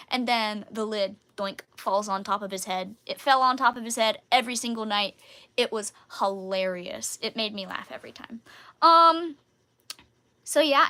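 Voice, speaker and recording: A woman's voice: fairly high pitch, normal speed, bright, forceful tone. A woman hosting a casual live Q&A, chatting in a bubbly, giggly way. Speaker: channel host answering viewer questions.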